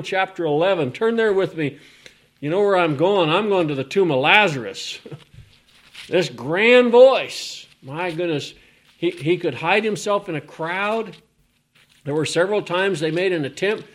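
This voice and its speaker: Male preacher, higher voice, slow deliberate sermon delivery, dramatic swings from hush to loud. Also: very animated. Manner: swells from hushed to loud, repeating phrases.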